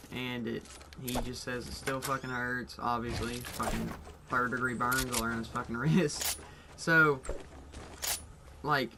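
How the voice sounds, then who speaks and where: A young man telling a story in a casual, rambling way, swearing constantly and getting excited at the wild parts. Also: medium pitch. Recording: audible background noise.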